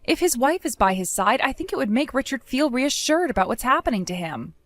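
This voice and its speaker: Woman voicing a calmly defiant young daughter-in-law. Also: high-pitched, no echo. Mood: earnest. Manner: measured, pointedly questioning.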